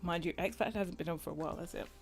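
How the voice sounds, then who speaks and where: A woman's voice: lowish voice, racing, husky, soft background music. A tired British woman chatting casually with her live stream, rambling and giggling and muttering to herself while she works. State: tired and yawning. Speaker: Sims custom content creator streaming.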